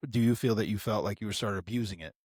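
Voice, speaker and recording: Brief: male podcast host, casual and blunt, lowish pitch, dry sound. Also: fast, darkish tone, no room sound. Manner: blunt, slangy reactions. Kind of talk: casual interview chat.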